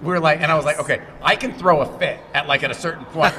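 A middle-aged man from Montreal, an actor being interviewed at a convention, who talks in casual animated stories, restarts his sentences and acts out the quotes. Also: a little high, fast, hardly any pauses, a little hiss or hum. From Montreal, Canada. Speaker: actor guest. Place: convention hall.

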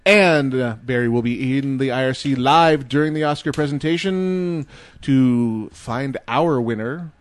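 A man's voice: mid-range voice, measured pace, no room sound. A man hosting a live online radio show, chatting casually and joking with his co-hosts. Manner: joking, animated. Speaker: host.

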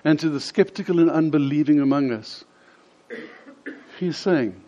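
A man preaching a sermon, retelling a scripture scene vividly with dramatic pauses. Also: a little high, dark tone. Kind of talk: storytelling sermon. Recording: slightly dull lo-fi sound.

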